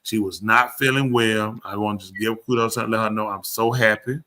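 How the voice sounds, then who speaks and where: A man hosting a live show, telling stories in an animated way and acting out the people he quotes. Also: on the low side, a little fast. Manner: animated storyteller, acts out quotes. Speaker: host. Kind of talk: casual chat.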